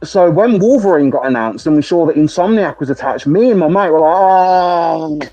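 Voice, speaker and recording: A British man hosting a podcast, chatting excitably with lots of laughter and swearing. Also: fairly high pitch, fast, dull audio, faint music behind. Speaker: podcast host. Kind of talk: casual chat.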